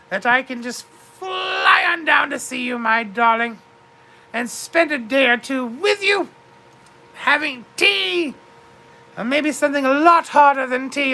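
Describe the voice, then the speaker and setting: A gushing, boozy duchess, as a woman puts her on, with a put-on British accent and a high, sparkling voice. She speaks slowly and grandly and calls everyone darling as she reads the chat of a comedic livestream. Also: sharp tone, exaggerated voice. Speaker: livestream host in character.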